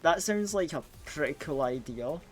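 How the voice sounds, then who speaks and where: A man's voice: on the high side, animated, moderate pace, soft background music. A man streaming a game, chatting casually and rambling with lots of restarts while groggy from a cold. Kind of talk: casual live gaming stream chat.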